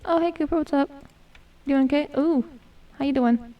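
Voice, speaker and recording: A young woman streams a game in a high voice at normal speed, chatting to herself and her chat while muttering and humming as she plays. It's casual gameplay commentary. The audio is dull and her voice sounds a little distant from the mic.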